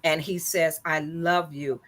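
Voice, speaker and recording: A woman's voice: sits low, slow pace, slight background noise. A woman telling a personal story in a panel chat, acting out each voice in the dialogue. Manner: animated storyteller who acts out the dialogue. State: teary-eyed.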